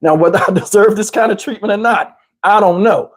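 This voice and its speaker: A middle-aged man from New Jersey, high-pitched and talking a little fast, tells a comic story casually and animatedly. He's profane and addresses his listeners as y'all.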